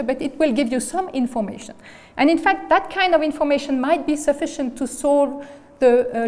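In a reverberant lecture hall, a woman speaks as a guest at an academic lecture, her voice pitched fairly high with a somewhat dark tone. She walks through the material step by step, often pausing on "okay?" or "right?" to check her listeners are following.

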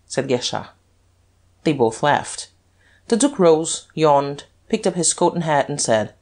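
A man narrating a classic detective novel in a measured, even reading. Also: medium pitch. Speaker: audiobook narrator. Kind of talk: scripted narration.

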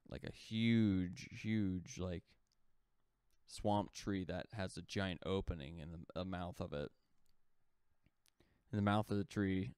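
Male podcast co-host, deep and smooth, loose rambling storyteller, close dry mic. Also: darkish tone, no echo. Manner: loose rambling retelling, heavy on "like" fillers. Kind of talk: casual storytelling.

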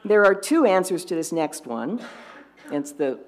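A woman's voice: on the low side, lively intonation, a little slow, darkish tone. A woman lay presenter giving a sermon full of jokes, telling them dryly and unhurriedly with small restarts. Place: congregation fellowship service.

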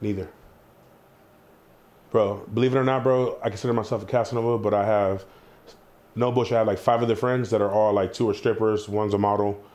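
A young man telling wild stories in a casual interview, animated, slangy and full of swearing. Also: fairly low pitch, a little fast, long pauses. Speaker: interview guest, entrepreneur.

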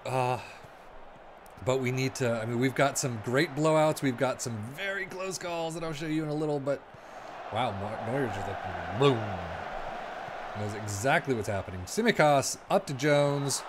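A young man giving casual, excitable commentary over a football management game, muttering asides and then yelping at near misses. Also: mid-range voice, moderate pace, background noise. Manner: excitable, swings from mumbling asides to sudden yelps. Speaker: gaming video creator.

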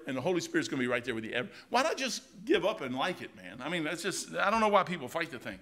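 A middle-aged American pastor delivers an informal, folksy sermon in a church sanctuary, packed with anecdotes and asides. His fairly high voice moves at a quick pace with few pauses, and he's animated, repeatedly saying "man" as he tells stories.

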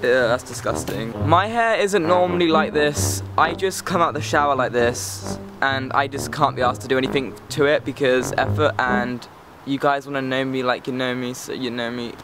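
A man's voice: mid-range voice, steady tone, moderate pace, over music. A teenage boy from England, chatting to camera outdoors in a sarcastic, rambling, easily distracted way. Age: teens. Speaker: vlogger. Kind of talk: casual chat to camera.

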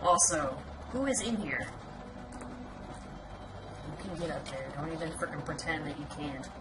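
A woman's voice: deep voice, lively intonation, normal speed. Playful young woman commenting on a game. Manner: playful, teasing, laughs often. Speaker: gameplay commentator. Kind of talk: let's play commentary. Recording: home recording with clear background noise.

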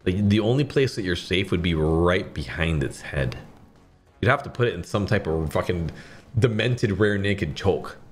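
Low-voiced, animated profane streamer man. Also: moderate pace, soft background music. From Barbados. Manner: profane, animated rambling with bursts of shouting. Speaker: slots streamer. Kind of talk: casual streaming banter.

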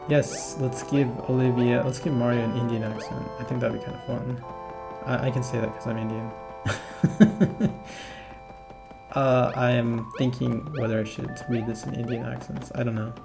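Gravelly, chatty man playing a game. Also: medium pitch, level tone, normal speed, long pauses. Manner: rambling, chatty, laughs at own jokes. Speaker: gaming channel host. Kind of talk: casual let's-play commentary. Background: game music.

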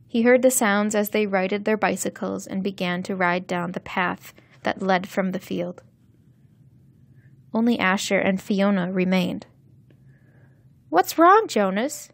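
A woman narrating a novel chapter slowly and clearly for English learners. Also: medium pitch, fairly even intonation, dry recording. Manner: slow, clear, carefully enunciated reading. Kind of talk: scripted audiobook narration.

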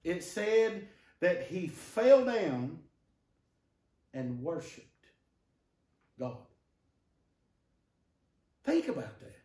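High-voiced preacher in an echoing church. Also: male voice, very animated, very slow, pauses often, dark tone, distant mic. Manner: rhetorical questions to the congregation. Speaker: pastor. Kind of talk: sermon. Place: church sanctuary.

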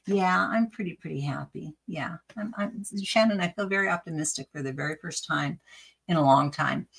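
A woman's voice: low voice, moderate pace, vocal fry, a bit bright, slightly rough. A middle-aged woman hosting a crafting video, chatting in a rambling, storytelling way with frequent laughs. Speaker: crafting channel host. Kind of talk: casual chat while crafting.

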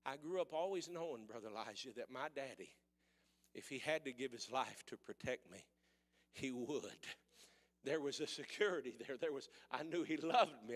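A man with a Missouri accent preaching a sermon in folksy rural speech, swinging from quiet storytelling to shouted preaching. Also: mid-range voice, animated, normal speed, in a large hall.

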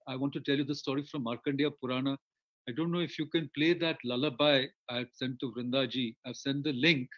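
A man with an Indian English accent gives a storytelling lecture over a video call, rambling with many fillers and restarts. His voice sits a little high for a man. The audio is muffled and lo-fi. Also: a bit bright.

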